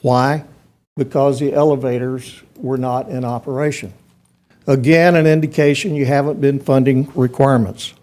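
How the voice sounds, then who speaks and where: A man's voice: medium pitch, fairly even intonation, normal speed, darkish tone. A man giving a public comment at a county budget hearing, laying out firm, methodical criticism into a podium microphone. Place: county commission meeting chamber.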